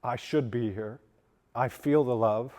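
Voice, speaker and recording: A man's voice: mid-range voice, darkish tone. Emotional man speaking in a reverberant hall. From western Pennsylvania, USA. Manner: earnest, emotional, halting restarts. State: voice cracking with emotion. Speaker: guest speaker. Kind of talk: personal recovery testimony speech. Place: event hall at a lunch.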